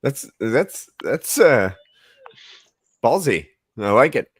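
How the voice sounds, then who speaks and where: A man's voice: mid-range voice, sing-song, takes it slowly, husky, dry recording. A man co-hosting a podcast, reacting to stories with jokes in casual chat. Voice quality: wisecracking reactions. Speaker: podcast co-host.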